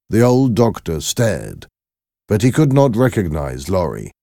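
A man narrating a story in a slow, clear, measured way. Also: lowish voice, very animated, dark tone, no echo, studio quality.

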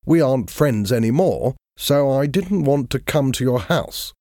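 A man's voice: medium pitch, animated, a little slow, mellow, no echo, studio quality, voice pushed up. A man voicing a shocked male scientist who coldly refuses to help, in a storybook reading. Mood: refusing. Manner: stiff, refusing.

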